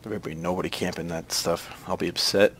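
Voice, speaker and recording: A young man giving tense live commentary on a shooter game, dropping to whispers and breaking into panicked yells. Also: deep voice, steady tone, quick pace, a little hiss or hum. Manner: jumpy, swings from whispers to panicked yelling. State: out of breath. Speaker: gaming commentator.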